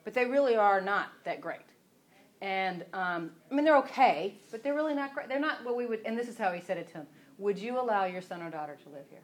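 A woman's voice: mid-range voice, brisk. A woman teaching from the Bible in a casual, rambling devotional style. She often breaks off and restarts her sentences. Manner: chatty, rambling, self-interrupting.

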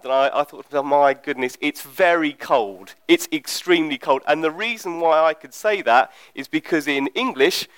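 A man's voice: a little high, no echo, poor audio. A man preaching a teaching sermon in a conversational, explanatory way, often checking in with the listeners.

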